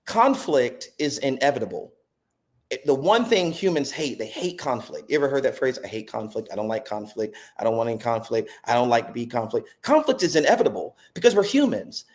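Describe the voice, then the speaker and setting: A man speaking on a podcast, mid-pitched for his sex. He builds his points through rhythmic repetition and acts out the quotes of other people. The talk stays conversational and reflective. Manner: animated, preacherly repetition with quoted voices.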